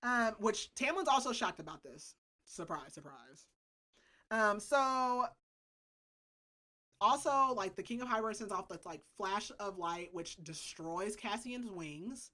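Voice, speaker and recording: A woman's voice: mid-range voice, unhurried. Chatty young woman recapping a book. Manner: animated, full of "like" and "um". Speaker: podcast co-host. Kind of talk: casual book recap chat.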